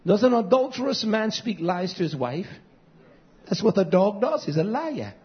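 A male pastor delivers a fiery, scolding sermon in a high, husky voice. He drops to low mutters, then rises to forceful shouts. The recording is dull and lo-fi. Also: sing-song, moderate pace.

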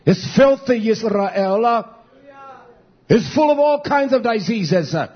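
Husky shouting preacher man. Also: animated, slow pace, dull audio. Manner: preaching with shouted peaks and low murmured asides, many "uh" fillers. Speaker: pastor. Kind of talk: fiery sermon.

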